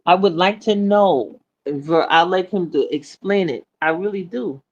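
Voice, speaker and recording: A woman co-hosting a casual chat show, animated and laughing, often repeating herself and restarting her sentences. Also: fairly low pitch, a little slow. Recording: dull lo-fi sound.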